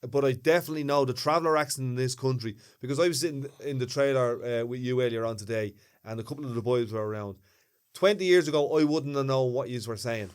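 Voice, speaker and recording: Dublin man, podcast co-host, relaxed and agreeable. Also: mid-range voice, fast, clear, resonant tone. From Dublin, Ireland. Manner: easygoing, agreeable, laughs along. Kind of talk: casual chat.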